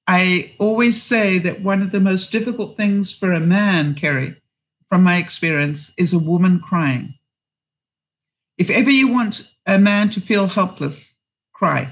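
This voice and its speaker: A middle-aged woman vlogger on a live stream, reading viewers' comments aloud and giving them chatty life advice by name. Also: mid-range voice. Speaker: vlogger answering live chat.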